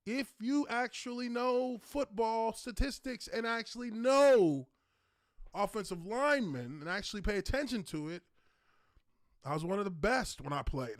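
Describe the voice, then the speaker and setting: A man, a former pro lineman hosting a casual livestream Q&A, telling stories with loud laughs, exclamations and profane asides. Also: fairly high pitch, no echo, studio quality.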